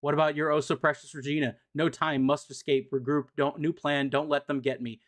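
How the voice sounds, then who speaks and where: A scheming mad scientist villain, a middle-aged man who taunts in quick, sneering bursts, as a man puts him on. The voice sits high and runs fast. It sounds like a villain in a comic read aloud. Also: level tone, lightly acted. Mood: panicked. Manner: sneering, taunting, rapid-fire. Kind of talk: comic recap with voiced characters.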